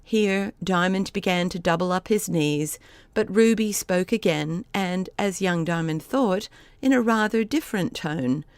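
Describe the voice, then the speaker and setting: A woman narrating a classic children's novel as an audiobook, in an even storytelling read. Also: on the low side, measured pace, clear, resonant tone, no echo. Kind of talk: scripted narration.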